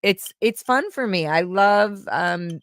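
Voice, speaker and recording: A woman's voice: medium pitch, animated, takes it slowly, a bit bright, clean tone, dry recording, studio quality. A woman hosting a casual livestream. She chats, giggles, and reads viewers' comments aloud into a microphone. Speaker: livestream host. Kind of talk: casual live chat answering viewer questions.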